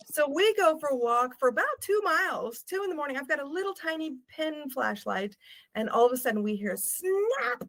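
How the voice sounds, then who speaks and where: Animated older woman telling travel stories. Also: sits high, brisk. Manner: animated, laughing storyteller. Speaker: guest, travel writer. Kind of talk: storytelling in a podcast interview.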